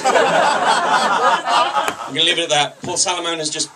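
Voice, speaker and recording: A man's voice: on the high side, big pitch swings, a little slow, pauses often, far from the mic, very noisy. A man doing open-mic stand-up in a comedy club, chatty with the crowd and wryly self-deprecating.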